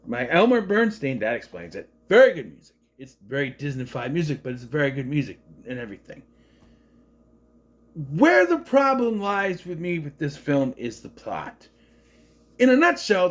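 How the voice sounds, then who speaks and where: Animated sarcastic man reviewing a film. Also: on the high side. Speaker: movie reviewer. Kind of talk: casual film review monologue.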